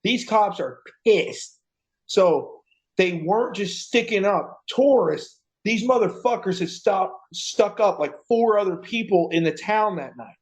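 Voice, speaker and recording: A man's voice: sits high, a little slow. A man co-hosting a podcast, telling a story in casual chat, swearing often and acting out the voices of the people in it. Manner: profane, animated storyteller acting out quotes. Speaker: podcast co-host.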